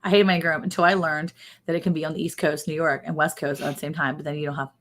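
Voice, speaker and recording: A woman with a fairly low voice hosts a relaxed livestream chat. She runs a guessing game, quizzes her co-host and reads out what viewers write. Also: quick pace. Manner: quizzing a co-host and reading viewer comments aloud.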